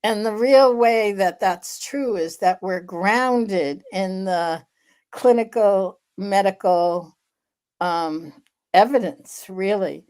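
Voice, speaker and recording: A woman co-hosting a candid podcast conversation, explaining in a measured, deliberate way with frequent fillers. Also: medium pitch, darkish tone. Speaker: podcast co-host, researcher.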